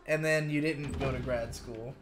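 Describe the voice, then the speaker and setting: A man's voice: medium pitch, fairly even intonation, moderate pace, background noise. A man rambling and restarting his sentences as he co-hosts a casual gaming chat. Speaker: co-host.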